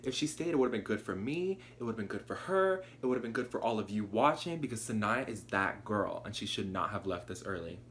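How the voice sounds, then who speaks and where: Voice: mid-range voice, expressive, a little fast, few pauses, a bit bright, a little hiss or hum. A contestant speaking out indignantly in a confessional. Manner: indignant, outspoken. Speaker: game contestant.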